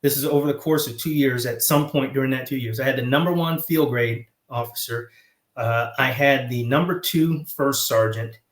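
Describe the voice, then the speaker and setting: A man with a Southern American accent, a guest chatting about his years in command, talking haltingly with many fillers and restarts. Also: mid-range voice. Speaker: guest, former squadron commander. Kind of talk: casual interview chat. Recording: roomy echo.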